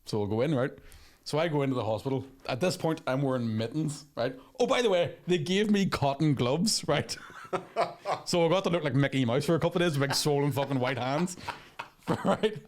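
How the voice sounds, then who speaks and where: Man, podcast host; quick profane yarn-spinning, mimics others. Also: a little high. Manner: profane, animated storytelling with acted quotes. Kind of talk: casual storytelling chat.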